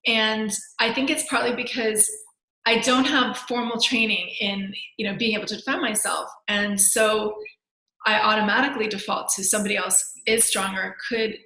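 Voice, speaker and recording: A woman interviewer with a bright, sharp tone, recorded in an echoey room. She responds in an affirming, reflective way and asks her questions conversationally. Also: medium pitch, fairly even intonation, moderate pace. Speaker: interview host.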